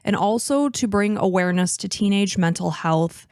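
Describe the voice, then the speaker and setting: In clean studio sound with no room echo, a podcast host in her thirties speaks at normal speed in a medium, slightly mellow voice. She moves between casual chat and narrating a case, emotional and openly discussing her tears.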